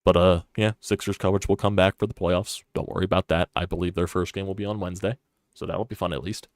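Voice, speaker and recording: A man's voice: deep voice, steady tone, quick pace, no echo, clean studio sound. A young man ranting on a live sports stream, frustrated and profane, repeating himself as he talks.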